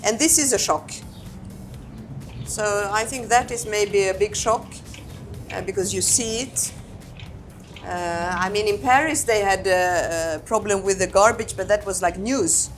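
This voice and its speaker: A woman ambassador, answering interview questions in a reflective, unhurried way and often repeating her words. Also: medium pitch, faint music behind. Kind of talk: candid conversational interview answers.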